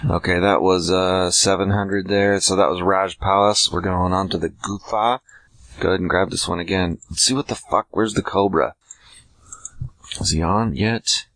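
Deep-voiced crude prank-call host. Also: male voice, steady tone, moderate pace, a bit bright, no room sound. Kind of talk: casual commentary between prank calls.

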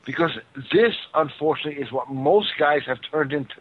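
A man's voice: fairly high pitch, fairly quick. A man hosting a call-in talk radio show, blunt and mocking as he lectures the callers. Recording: narrow phone-like radio sound.

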